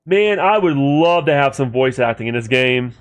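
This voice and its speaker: A man's voice: medium pitch, expressive, moderate pace. A man streaming a role-playing game, chatting casually to his viewers between lines of game text. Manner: chatty, talks to chat while reading game text. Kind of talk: casual livestream commentary.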